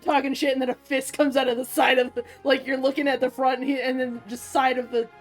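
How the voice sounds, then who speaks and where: A woman's voice: sits high, flat delivery, fast talker, soft background music. A woman playing a tabletop game who laughs often and makes joking asides. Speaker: player. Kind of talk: casual play at a tabletop game.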